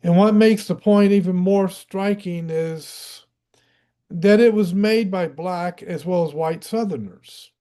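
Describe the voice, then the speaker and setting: Here a Tennessee audiobook reader with a Southern drawl takes it slowly through a history book, adding informal comments as he goes. His voice sits high, with a dark tone.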